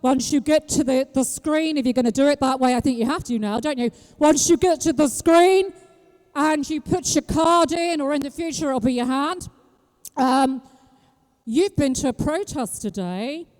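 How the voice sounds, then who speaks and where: A woman from Britain giving an impassioned street rally speech, throwing rhetorical questions at the crowd and breaking into shouts. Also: sits high, in a large hall. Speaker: street activist speaking at a rally. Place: outdoor public square at a rally.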